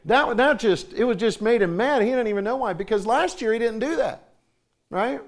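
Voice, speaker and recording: A man's voice: lively intonation, normal speed. A man in his forties giving a folksy conference talk, acting out quoted voices. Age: 40s. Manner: folksy, acts out quoted voices with jumps in pitch. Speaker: conference speaker.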